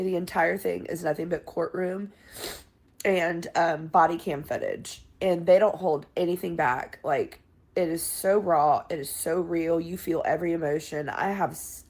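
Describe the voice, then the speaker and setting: A woman's voice: lowish voice, darkish tone. A woman reviewing a documentary in a social video, exclaiming and gushing. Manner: effusive, exclaiming.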